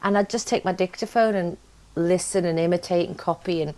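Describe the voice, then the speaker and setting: An actress, a guest speaking candidly in a casual interview with lively restarts. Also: female voice, fairly low pitch, a little fast. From Liverpool, England.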